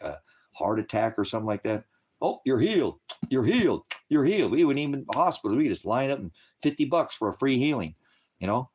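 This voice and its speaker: A man's voice: on the low side, darkish tone. A man hosting a ministry livestream, angrily and profanely berating commenters in his chat while lecturing on scripture. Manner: angry, profane, combative; heckling and lecturing.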